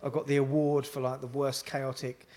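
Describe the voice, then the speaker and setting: In a laid-back interview, a talkative psychotherapist guest spins an animated tale at a moderate pace. His mid-pitched voice carries frequent laughter and swearing, and he sounds right at home with his host.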